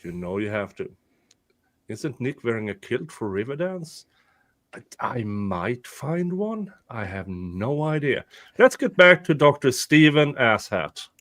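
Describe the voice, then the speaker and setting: Blunt, slow-talking male stream co-host. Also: mid-range voice, big pitch swings, a bit bright, no echo. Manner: blunt, casually profane. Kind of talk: casual livestream chat.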